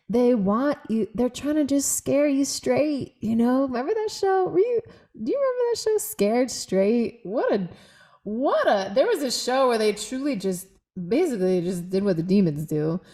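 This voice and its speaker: A woman's voice: fairly high pitch, warm tone. A woman guest on a podcast interview, telling stories expressively, acting out inner voices and laughing often. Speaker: guest, movement practitioner.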